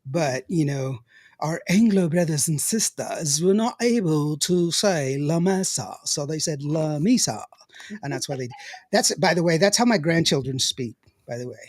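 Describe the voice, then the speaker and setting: Older man, husky, dry close sound, rambling and laughing podcast host. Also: on the high side, lively intonation, normal speed, no echo. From West Texas. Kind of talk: casual chat, reading live comments.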